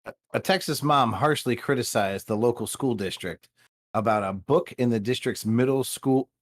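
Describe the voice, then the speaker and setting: A male podcast co-host in a casual chat, needling his partner in a teasing tone. He reads articles aloud in a plain voice of middle pitch for a man. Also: normal speed.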